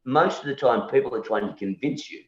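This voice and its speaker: A man's voice: mid-range voice, fairly quick. A male musician guest in casual conversation who repeats words and keeps asking "you know?" as he argues his point and challenges beliefs. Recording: echoey room, dull lo-fi sound.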